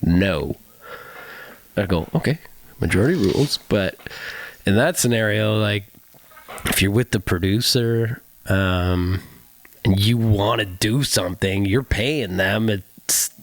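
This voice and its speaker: A man's voice: lowish voice, takes it slowly, slight background noise. A male musician in casual podcast chat, talking animatedly, laughing often and swearing freely.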